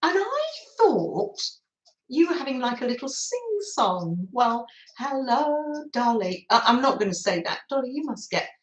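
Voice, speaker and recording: A woman's voice: on the high side, expressive, normal speed. Older woman, craft livestream host, chatty, reads comments aloud, echoey room.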